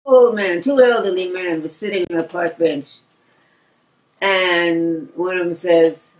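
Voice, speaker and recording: An older woman telling bawdy jokes and reciting a comic rhyme about growing old, with a brisk delivery. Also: lowish voice. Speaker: amateur comedian. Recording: echoey room.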